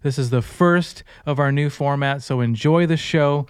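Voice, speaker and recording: A man's voice: fairly high pitch, moderate pace. A man hosting a faith podcast in an upbeat, joking, chatty manner. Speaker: podcast host. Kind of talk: casual podcast chat.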